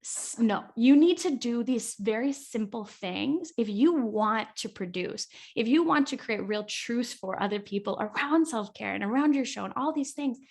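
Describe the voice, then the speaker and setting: A woman guest on a casual podcast telling a story with lots of fillers and animated quotes of herself. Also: on the high side, moderate pace, few pauses.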